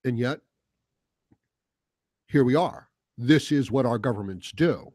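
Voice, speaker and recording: A man's voice: medium pitch, expressive, slow, a little mellow, no echo, clean studio sound. A man hosting a heated, profane commentary monologue, mocking the voices he quotes. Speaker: political commentary host. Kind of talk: casual monologue.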